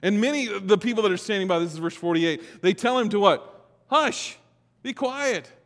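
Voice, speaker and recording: A man preaching a conversational sermon, moving between quiet reflective passages and louder emphatic stretches. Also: high-pitched, fast. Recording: long hall reverb.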